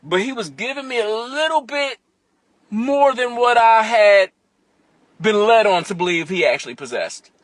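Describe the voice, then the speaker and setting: A man vlogging from inside a car, telling a candid, profane personal story with animated delivery. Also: high-pitched, moderate pace, dry recording. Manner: animated and profane, acts out other people's voices.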